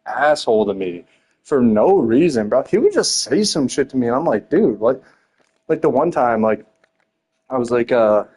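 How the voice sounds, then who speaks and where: A man's voice: medium pitch, lively intonation, normal speed, a little mellow, breathy edge. A young man telling rambling stories in casual chat, laughing often, swearing and filling his talk with slang.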